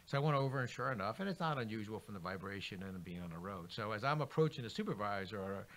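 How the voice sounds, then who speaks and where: A man's voice: fairly low pitch, quick pace. A middle-aged man, a book author, telling work stories as a radio guest and acting out the dialogue. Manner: animated, acts out quoted dialogue. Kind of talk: interview storytelling.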